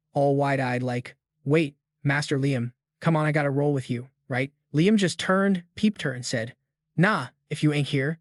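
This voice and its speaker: A man's voice: fairly high pitch, no room sound, clean studio sound. A man narrating a comic story recap in a casual, slangy voice, reading all the characters' lines.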